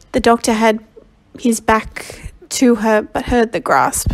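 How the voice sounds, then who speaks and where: A woman's voice: on the high side, little pitch movement. A woman reading a novel aloud as a volunteer, a little under the weather, stumbling and correcting herself as she goes. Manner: halting reading with frequent self-corrections. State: slightly ill and under the weather. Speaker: volunteer audiobook reader.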